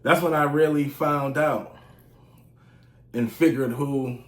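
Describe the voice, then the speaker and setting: A man's voice: medium pitch, steady tone, slow. A man in his forties telling stories in a casual vlog, loose and slangy, often saying "you know what I'm saying". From United States. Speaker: vlogger, music reviewer. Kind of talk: casual storytelling monologue. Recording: roomy echo.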